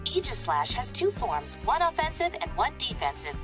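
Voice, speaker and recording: A woman's voice: sits high, sing-song. A woman voicing a chirpy cartoon Pokédex gadget. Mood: informative. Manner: brisk reference-entry delivery. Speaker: clip from the cartoon. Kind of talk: cartoon voice acting. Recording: clip played with music underneath.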